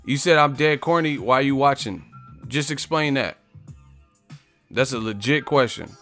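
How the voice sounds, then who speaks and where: A brash male livestream host who mocks his chat, swearing freely and firing challenges at the viewers. His voice sits at a middle pitch, with faint music playing behind him. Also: measured pace, a bit bright. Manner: confrontational, profane, mocking. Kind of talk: live-stream chat, roasting commenters.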